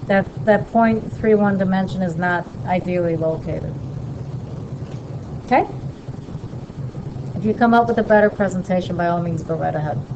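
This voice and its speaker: Woman instructor, casual lesson, chatty, quick check-in questions, noisy background. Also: fairly low pitch, highs cut off. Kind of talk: casual screen-recorded lesson.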